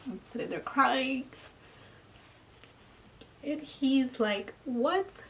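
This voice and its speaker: A tired young woman speaking a personal video diary at home into her camera. She talks haltingly, with lots of "like," and often drops into a near whisper. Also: a little high, steady tone, noisy background. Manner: slow, halting, with frequent "like" fillers and soft, near-whispered stretches. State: tired and drained. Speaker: vlogger. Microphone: camera mic.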